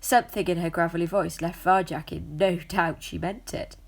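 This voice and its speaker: A woman reading a children's novel aloud as narrator, steady and measured. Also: on the low side.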